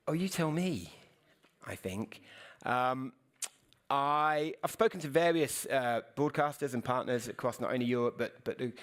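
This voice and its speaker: A middle-aged man from the United Kingdom speaking on a conference panel, talking fast and earnestly, often restarting his sentences. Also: mid-range voice. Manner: fast, earnest, self-correcting.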